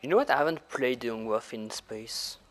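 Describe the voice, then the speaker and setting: A man's voice: mid-range voice, fairly quick. A young man chatting over voice chat with a friend while gaming, laid-back and blunt with short replies.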